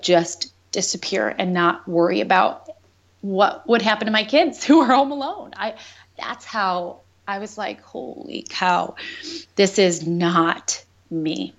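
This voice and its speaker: A woman's voice: mid-range voice, moderate pace. A woman guest on a podcast, candidly telling a painful personal story with earnest openness and the odd laugh. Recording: dull lo-fi sound.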